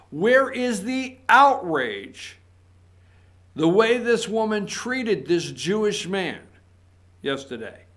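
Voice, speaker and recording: A man's voice: high-pitched, a bit bright. A male talk show host, giving indignant political opinion commentary full of repeated points and rhetorical questions.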